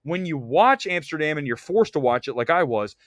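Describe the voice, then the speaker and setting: A man hosting a casual movie talk livestream, rambling and animated, slipping into quick impressions. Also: a little high, no room sound, studio quality. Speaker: host of a movie talk stream.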